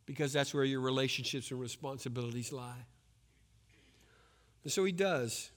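A man preaching a sermon, swinging between hushed, intense passages and loud, rising exhortation. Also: mid-range voice, normal speed. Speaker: pastor.

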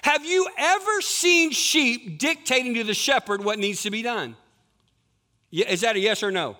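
A man's voice: extremely high pitch, normal speed, bright, forceful tone. A middle-aged man preaching a sermon as lead pastor, conversational and full of rhetorical questions to the congregation.

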